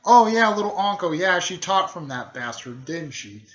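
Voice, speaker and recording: Brash cussing ninja boss lady, a guy putting her on, bright raised voice, lo-fi muffled audio. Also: sits high, sing-song, normal speed, pitched above the performer's own voice. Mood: scornful. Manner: blunt, swears often. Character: brash hot-tempered woman ninja leader. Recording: dull lo-fi recording.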